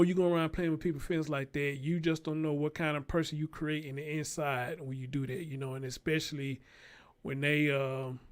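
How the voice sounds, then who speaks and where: A man hosting his own show, giving a blunt, profane, unscripted commentary and repeating his points for emphasis, speaking. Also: fairly high pitch.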